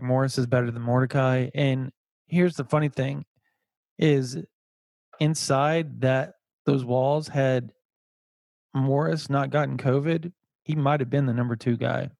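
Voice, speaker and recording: Man, podcast host, casual sports chat, repeats words, mid pitch, dry close sound. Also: creaky, a little mellow, dry recording. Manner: chatty, repeats words while laughing.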